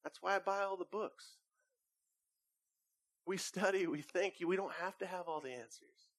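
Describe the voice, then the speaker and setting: A man, a pastor with young children, preaching a conversational sermon and telling lively family stories. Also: high-pitched, normal speed, no room sound. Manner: conversational preaching with animated anecdotes.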